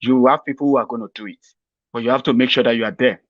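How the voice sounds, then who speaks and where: A Nigerian man delivers rambling, mocking political satire to his viewers, chuckling at his own jokes. His medium-pitched voice keeps a steady tone at a quick pace, recorded with no room sound and the highs cut off.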